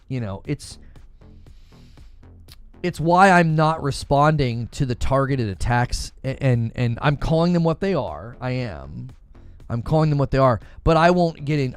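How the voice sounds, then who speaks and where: A man's voice: mid-range voice, a little mellow, no room sound. A man hosting a gaming news show in casual, exasperated commentary. He circles back over the same points and sounds worn down by them. The recording is close and dry, with faint music underneath. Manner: exasperated, repetitive, conversational ranting.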